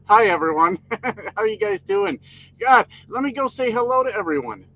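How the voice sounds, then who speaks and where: A man's voice: sits high, animated, normal speed, vocal fry, a bit bright, rough recording. A man live-streaming from his truck cab, casually chatting and joking while greeting viewers by name. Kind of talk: casual live stream chat reading comments. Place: inside a parked truck cab.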